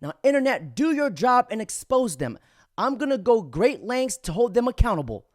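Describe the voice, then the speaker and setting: A woman delivers opinion commentary with a lively, swooping pitch and a tone of indignation, addressing her audience directly. Her voice sits fairly high, and the recording is close and dry. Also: moderate pace, no echo. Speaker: political commentary host.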